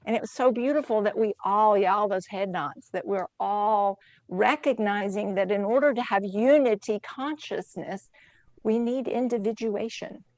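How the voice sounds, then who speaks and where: A woman on an online panel giving an earnest, measured reflection over a video call. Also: medium pitch, darkish tone, dry recording. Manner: earnest, measured, slows down for emphasis. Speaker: panel speaker. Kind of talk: reflective talk.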